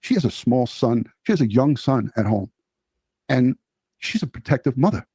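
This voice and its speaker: Man co-hosting a true crime show, mellow voice, earnest, talks straight to the audience, dry sound. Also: mid-range voice, expressive, normal speed, slightly rough, dry recording. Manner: earnest and indignant, addresses the audience directly. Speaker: co-host of a true crime channel. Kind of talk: interview show talk.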